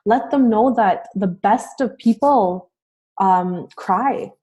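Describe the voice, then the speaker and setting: A young adult woman speaks as a podcast guest in an earnest, encouraging way. Her pitch sits in the middle range, and her talk is loose and full of fillers. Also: slow pace, warm tone, husky. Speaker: podcast guest, life coach. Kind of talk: casual podcast conversation.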